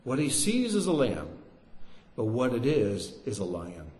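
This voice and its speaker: A man preaching a sermon in an animated way, with joking asides and swings between loud and hushed delivery. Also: medium pitch, a little slow, roomy sound.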